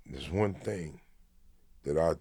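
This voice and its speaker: A man from Los Angeles, a comedian guest telling a story in a podcast interview, swearing freely and swinging between hushed and excited. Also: a bass voice, slow, husky, dry recording. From Los Angeles, USA.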